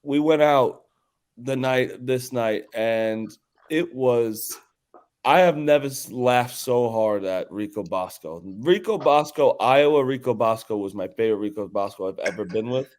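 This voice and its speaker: A man's voice: medium pitch, lively intonation, a little slow, a little mellow. A man co-hosting a podcast, laid-back in casual chat, trailing off as he recaps. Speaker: podcast co-host.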